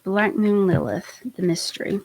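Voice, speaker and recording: A woman's voice: medium pitch, moderate pace, darkish tone. A woman hosting a live-stream tarot reading, chatty and enthusiastic, often trailing off and restarting her sentences. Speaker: host, tarot reader.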